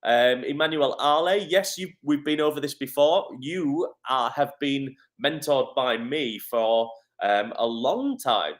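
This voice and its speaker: A middle-aged man with a Northern English accent, an acting coach giving a live coaching talk, encouraging and energetic, answering viewer comments. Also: mid-range voice, unhurried.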